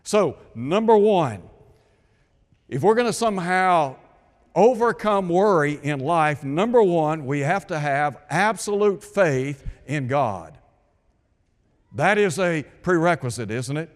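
A man delivers a sermon, posing questions to his listeners and stressing scripture lines with emphasis. His voice sits a little higher than most men's. It rings out with a long reverb, as in a large hall. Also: lively intonation, takes it slowly. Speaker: preacher.

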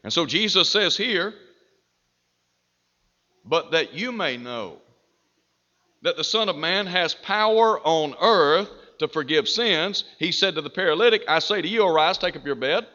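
Slow, bright-voiced preacher in a hall. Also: male voice, fairly high pitch, expressive. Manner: slow, deliberate preaching with emphatic rises. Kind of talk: sermon. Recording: dull reverberant hall.

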